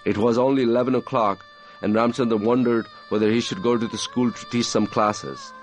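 A man reading aloud from his own novel in a measured, even storytelling manner. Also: mid-range voice, soft background music.

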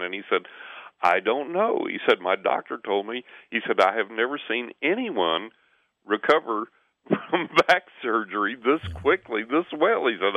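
A man telling stories in a relaxed conversation, lively as he acts out what others said. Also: on the low side, no room sound. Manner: animated storyteller, acts out quoted voices. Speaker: guest. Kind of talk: conversational storytelling. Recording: tinny phone line.

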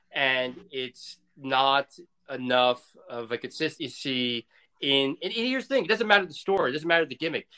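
A man's voice: medium pitch, pushed and bright, rough recording. A man talking as a wrestler guest in a casual interview, intense and profane, rambling through his ideas.

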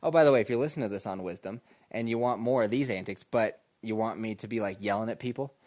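A man's voice: fairly low pitch, fast talker, a little mellow. A podcast host, a man, telling a casual, laid-back story, laughing often and calling listeners "man".

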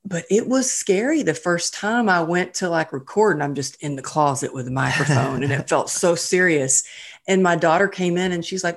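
A woman podcast host, likely in her forties, chatting casually in an interview, self-deprecating and quick to laugh. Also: fairly low pitch.

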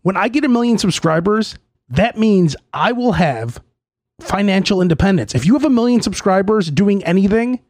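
A man's voice: high voice, expressive, normal speed, a little mellow, no echo, studio quality. A man hosting his own podcast, telling stories in a profane, playfully indignant way. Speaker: podcast host. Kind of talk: solo comedic storytelling podcast.

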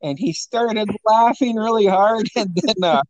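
A middle-aged man chats with his mother on a podcast, telling childhood stories in a casual, swearing way. He laughs a lot and acts out the voices of the people in his tales. His voice sits a bit high, and the recording is dry and close. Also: measured pace, no room sound, dull audio. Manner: laughing often, swearing, acting out quoted voices. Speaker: podcast host. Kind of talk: casual family storytelling.

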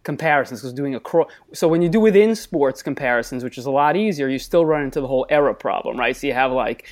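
A man's voice: mid-range voice, lively intonation, quick pace. A man with a thick Long Island accent, a talkative, analytical guest judge on a casual podcast, mocking himself as he goes. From Long Island, New York.

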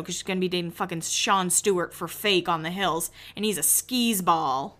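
A young woman talks through a recap on her podcast in a loose, chatty way, tossing out opinions and the odd swear word. Her voice sits a little high and sounds bright and forceful. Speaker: podcast host. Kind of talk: casual episode recap.

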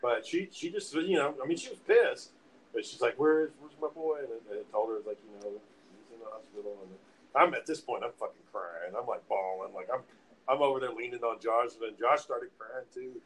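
A man's voice: medium pitch, a little fast, low-quality recording. A man casually telling friends a wild party story, swearing freely and acting out what everyone said. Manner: profane, animated retelling with acted-out quotes.

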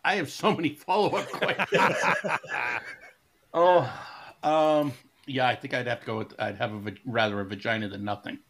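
A man's voice: medium pitch, normal speed, fairly bright tone, slight background noise. A man co-hosting a casual podcast, chatty and earnest, laughing easily. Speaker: podcast co-host.

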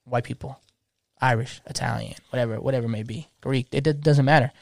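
A man's voice: mid-range voice, steady tone, fast talker, gravelly, a little mellow, no room sound, studio quality. A man in his thirties, a DJ, talking passionately in casual slang and restarting his sentences often. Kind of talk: casual podcast chat.

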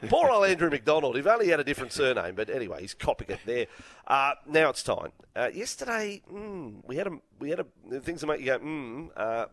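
An Australian man hosts sports talk radio in emphatic, fired-up bursts. His voice sits a little high. The studio sound is dry and close. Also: very animated, fairly quick, hardly any pauses, a bit bright, no room sound.

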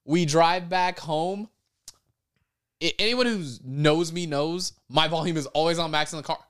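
A man's voice: on the high side, unhurried, fairly bright tone, clear, resonant tone. Young man telling a funny story. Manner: laughs through his story, acts out other people. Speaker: podcast co-host. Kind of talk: casual storytelling.

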